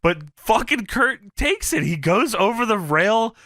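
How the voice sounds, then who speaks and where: Excitable high-voiced man chatting. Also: unhurried, background noise. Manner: excitable, swearing, laughing, acting out quotes. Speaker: podcast co-host. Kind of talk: casual podcast chat reacting to wrestling.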